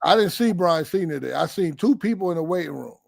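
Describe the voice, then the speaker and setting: Brief: blunt male caller, high raspy voice, swears a lot, arguing hard. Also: animated, fast talker, a little mellow, no echo, clean studio sound. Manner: blunt, profane, argumentative. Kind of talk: phone-in chat.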